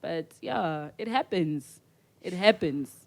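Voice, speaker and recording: A woman's voice: lowish voice, animated, slow pace, creaky, a little mellow. A young South African woman co-hosting a podcast, chatting casually and acting out the voices in her anecdotes. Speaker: podcast co-host. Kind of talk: casual chat.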